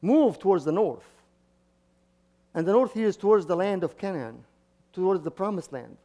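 High-voiced priest preaching, halting restarts. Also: male voice, animated, mellow. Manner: frequent restarts and repeated words, chuckling asides. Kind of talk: sermon.

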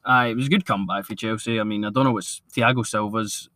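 A man co-hosting a football podcast, giving measured opinions in casual chat. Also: on the low side, fairly even intonation, pushed and bright, no echo. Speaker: podcast co-host.

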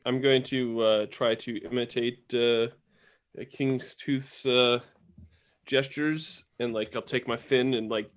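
A man playing a tabletop game, talking in a halting way with many fillers. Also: mid-range voice, fairly even intonation. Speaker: player.

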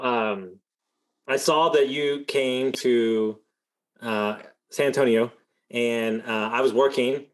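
Rambling man telling a long story. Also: medium pitch. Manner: rambling, full of "like" and "uh" fillers. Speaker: podcast host. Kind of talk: conversational storytelling.

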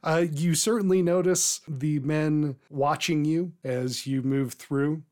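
Calm game master narrating scenes. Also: mid-range voice, slow. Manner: calm, descriptive.

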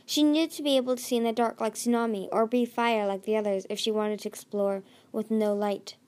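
A woman's voice: a little high, fairly even intonation, a little fast, darkish tone. A woman narrating a fantasy novel chapter aloud, often tripping over words and correcting herself. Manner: stumbling, self-correcting reading. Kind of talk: audiobook reading.

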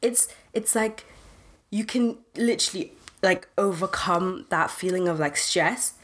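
A woman's voice: on the low side, measured pace, a bit bright. A young woman, co-hosting a podcast and explaining things emphatically with slang. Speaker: podcast co-host. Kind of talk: casual podcast chat.

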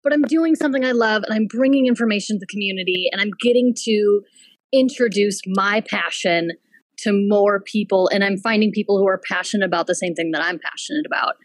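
A woman, a henna artist and business owner, telling a story in casual chat, animated, laughing and swearing freely. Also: mid-range voice, brisk, dry recording, rough recording. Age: adult with a child.

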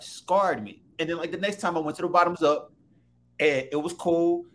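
A man telling a story in casual chat, animated and profane, often laughing. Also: a little high, normal speed.

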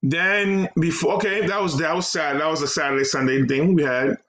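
A man's voice: fairly high pitch, brisk. A man, co-hosting a casual podcast and telling stories animatedly, acting out the people he quotes. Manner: animated storytelling, acting out quotes with loud outbursts. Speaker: podcast co-host. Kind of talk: casual chat.

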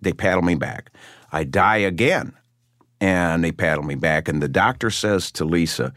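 An older man from Michigan, a guest musician, telling stories in an interview with animated, lively delivery. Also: low-pitched, normal speed, no echo, studio quality. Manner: animated storyteller, acts out voices in his anecdotes. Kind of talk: interview storytelling.

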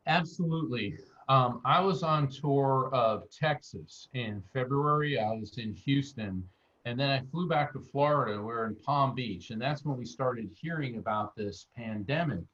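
The highs are cut off in this recording of a mid-range male voice at normal speed. The speaker, an American guest medium in an interview, tells anecdotes with energy and acts out the people he quotes.

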